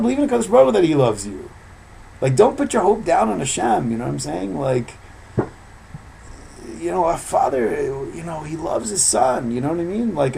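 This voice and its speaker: Man teaching a Torah class; gravelly, dark voice, lively storytelling that jumps loud on quotes. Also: high-pitched, a little hiss or hum, rough recording. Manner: animated storytelling, rising loud when acting out quotes. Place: room at an evening class.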